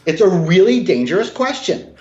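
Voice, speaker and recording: A man in casual conversation from his apartment, talking emphatically, swinging between low mutters and raised, swearing outbursts. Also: very animated, normal speed, darkish tone. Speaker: guest. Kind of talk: casual video call conversation. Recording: roomy, dull lo-fi sound.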